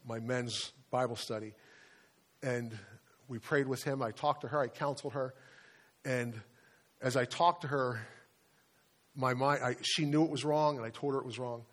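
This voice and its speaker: A man, a pastor, preaching a sermon and telling a story in an earnest, confessional way, with frequent restarts. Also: medium pitch. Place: church sanctuary.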